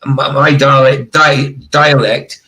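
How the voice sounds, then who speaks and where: A man from northeast Scotland with a Doric Scottish accent, rolling his R's strongly in casual chat as a stream host; his voice is a bit rough today. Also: mid-range voice, little pitch movement, slow pace, pushed and bright, poor audio. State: slightly rough voice.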